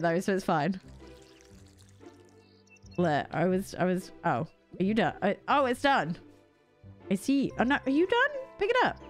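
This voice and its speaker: A young British woman streaming a cozy game, chatting casually with viewers in a giggly, self-mocking way. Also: medium pitch. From Britain. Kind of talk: casual gameplay chat with chat readers.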